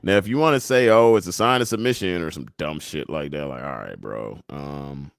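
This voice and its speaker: With a rumbling low voice, vocal fry, and a moderate pace, a young livestream host reads out the chat and memes. He jokes around easily and laughs a lot.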